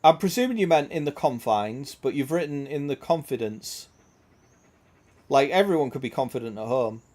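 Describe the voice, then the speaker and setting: A man's voice: medium pitch, expressive, moderate pace, darkish tone. A young man streaming a game, chatting crudely with lots of swearing and laughter. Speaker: gaming streamer. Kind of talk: casual gameplay chat.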